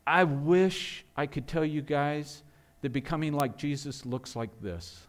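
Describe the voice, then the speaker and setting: A man's voice: on the high side, a little hiss or hum. A middle-aged male pastor preaching a sermon with earnest rhetorical questions, often restarting his words.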